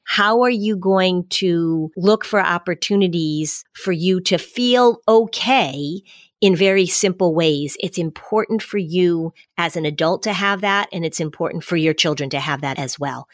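Low-voiced woman giving calm advice. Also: no room sound, studio quality. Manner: measured, explanatory, repeats key phrases. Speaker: anxiety expert guest. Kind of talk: podcast advice talk.

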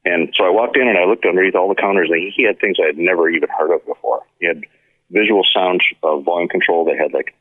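A low-voiced man talks fast over a phone line, and the recording is dry and tinny. He's a guest who makes effects pedals, telling stories in a casual interview and acting out the quoted dialogue with animation.

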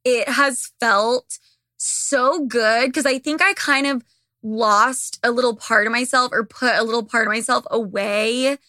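A woman's voice: a little high, steady tone, unhurried, bright, forceful tone, no echo, studio quality. A young woman hosting a podcast, talking bluntly and with lots of swearing, her voice a bit worn. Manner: blunt, profane, gossipy. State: losing her voice. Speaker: podcast host. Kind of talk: casual monologue to listeners.

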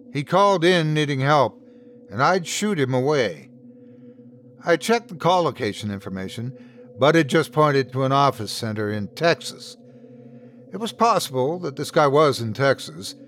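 A man hosting and narrating a scripted horror story in the first person, with lively shifts in tone. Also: medium pitch, a little hiss or hum. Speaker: host and narrator.

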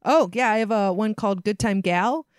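A woman on a podcast as a guest, talking casually and laughing often, quick to make fun of herself. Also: mid-range voice, smooth, dry recording, studio quality. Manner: giggly and self-deprecating.

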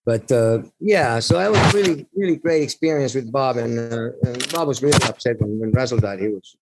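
A man's voice: medium pitch, moderate pace, very noisy. A middle-aged man from Finland, a rock singer being interviewed, telling rambling anecdotes with laughs and restarts. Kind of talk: casual storytelling interview.

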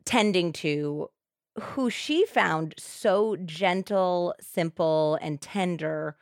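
Podcast co-host, woman, lowish voice, expressive true crime storyteller, dry close sound. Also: very slow, no room sound.

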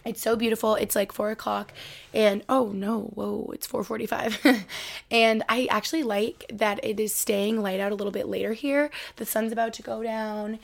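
A woman's voice: a little high, steady tone, normal speed, vocal fry. A woman in her twenties, from upstate New York, hosting a solo podcast from her bedroom floor in a rambling, chatty way full of "like". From Albany, New York. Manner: rambling, chatty, lots of 'like'. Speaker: podcast host. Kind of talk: casual solo podcast chat.

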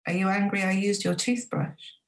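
A woman's voice: mid-range voice, steady tone, moderate pace, vocal fry, lightly acted. A woman reading aloud from a novel, voicing an offhand, menacing young man who is a casual lover. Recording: roomy echo.

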